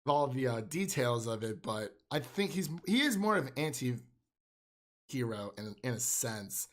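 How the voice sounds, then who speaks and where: A man's voice: mid-range voice, lively intonation, moderate pace. Male co-host, rambling casual talker, full of fillers and restarts. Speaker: podcast co-host. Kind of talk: casual chat.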